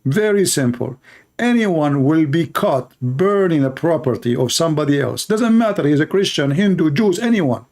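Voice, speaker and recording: A man's voice: on the high side, animated, normal speed, darkish tone. Emphatic man hammering short repeated phrases. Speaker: channel host. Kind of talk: impassioned monologue.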